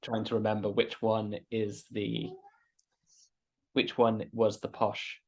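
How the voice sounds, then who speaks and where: A man's voice: lowish voice, completely flat delivery, takes it slowly. A man playing a tabletop game, chatting in an easygoing and unsure way. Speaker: player. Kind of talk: casual tabletop chat.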